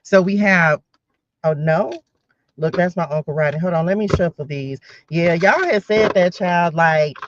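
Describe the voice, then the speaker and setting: A woman's voice: on the low side, a little slow, no room sound. A talkative woman in her forties runs a casual spiritual tarot reading and often drifts into personal asides. She speaks right to her audience. The recording is dry and a little muffled, with no room sound. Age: 40s. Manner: chatty, rambling asides, talks straight to viewers. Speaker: tarot reader.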